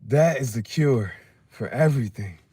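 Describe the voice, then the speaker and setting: A man's voice: medium pitch, expressive, normal speed, dark tone, breathy edge. A man talking in a loose, rambling chat, laughing often and swearing freely in slangy banter. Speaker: livestream host.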